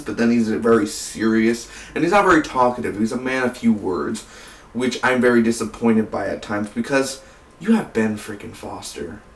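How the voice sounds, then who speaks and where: A man talking through a movie review in a loose, rambling vlog style, peppered with fillers and calling the listener "man". His voice sits in a middle pitch. The sound is roomy, as if he's sitting a few feet from the microphone. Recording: roomy, distant from the mic.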